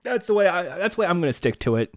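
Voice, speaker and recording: Lively, animated man co-hosting a chat. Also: sits high, rapid-fire, dry recording, clean studio sound. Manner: animated, chatty, breaks into voices and explanations. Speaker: podcast co-host. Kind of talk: casual chat.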